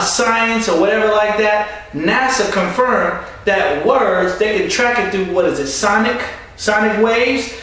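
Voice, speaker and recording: High-voiced man preaching in an echoey room. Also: fairly bright tone. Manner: emphatic, repetitive exhortation. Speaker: motivational speaker. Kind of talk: motivational preaching. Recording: echoey room from a distance, faint hiss.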